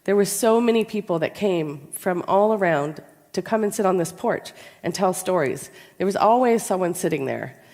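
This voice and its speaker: A woman with a cold, giving a storytelling conference talk in an anecdotal, measured way with pauses. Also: on the low side, animated, darkish tone. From American South. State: has a cold. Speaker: conference speaker. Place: large conference hall. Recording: long reverb in a large hall.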